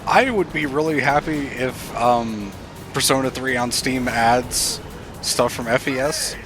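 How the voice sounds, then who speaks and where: A man's voice: medium pitch, measured pace, over music. A laid-back young man co-hosting a casual game stream, swearing now and then. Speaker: co-host. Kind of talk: casual gameplay commentary.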